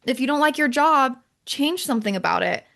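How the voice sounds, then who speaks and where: A young adult woman hosting a podcast, talking in an animated, casual way with lots of fillers. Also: high voice, fairly quick, creaky. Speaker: podcast host. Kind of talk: casual chat.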